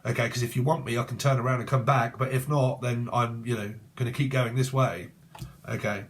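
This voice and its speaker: A man's voice: mid-range voice, steady tone, brisk. Rambling, jokey man reading tarot. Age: 40s. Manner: rambling, jokey, laughs often, slips into playful voices. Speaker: tarot reader. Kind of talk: casual tarot reading monologue.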